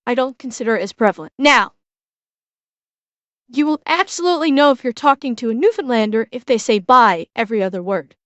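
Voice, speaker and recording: Crisp-voiced woman streamer, dry close sound. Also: high voice, a bit bright, no echo. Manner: blunt, swears freely, restarts often. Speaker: streamer reacting to a video. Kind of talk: casual live-stream commentary.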